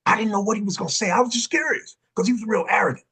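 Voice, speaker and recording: Man, 70s, high husky voice, wildly swinging pitch, excitable storyteller. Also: rapid-fire. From Oakland, California. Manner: excitable, acts out quoted voices, street slang. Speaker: panel guest, dance pioneer. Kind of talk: animated storytelling in a panel conversation.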